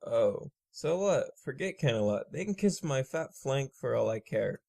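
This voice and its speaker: A man's voice: medium pitch, sing-song, a little slow, creaky, a little mellow, full character voice. A man voicing a brash young vampire mare. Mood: giddy. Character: young female vampire pony, brash and laid-back.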